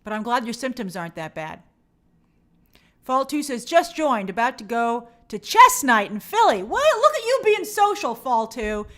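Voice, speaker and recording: A high-pitched woman hosts a casual livestream. She chats upbeat and friendly, reading out viewer comments one after another. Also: big pitch swings, moderate pace, fairly bright tone. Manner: upbeat, chatty, reads viewer comments aloud. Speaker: host reading live chat.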